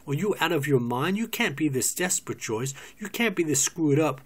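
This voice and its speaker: A man's voice: fairly high pitch, lively intonation, normal speed, breathy edge. A man reading the part of a lonely, jealous man, exasperated and pleading, in a play reading.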